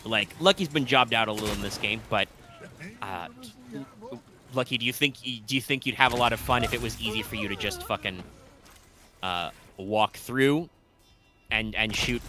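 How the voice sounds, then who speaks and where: A man co-hosting a live stream, talking through ideas in a rambling, analytical way. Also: fairly low pitch. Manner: rambling, analytical, thinks aloud. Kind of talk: casual live-stream chat.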